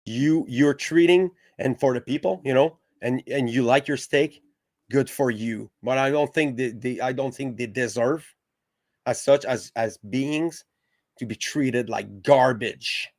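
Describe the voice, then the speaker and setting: A man talking slowly and heatedly on a podcast, swearing freely and tripping over his own restarts. His voice sits mid-pitch and comes across dry and close. He sounds like a host making a point he cares about. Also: darkish tone, dry recording. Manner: profane, passionate, halting with restarts. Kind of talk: heated casual discussion.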